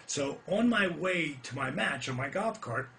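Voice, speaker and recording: A middle-aged man, a retired pro wrestler, telling his own career stories in a casual, animated and profane rant that gets loud as he relives big moments. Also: a little high, unhurried, gravelly, a little hiss or hum.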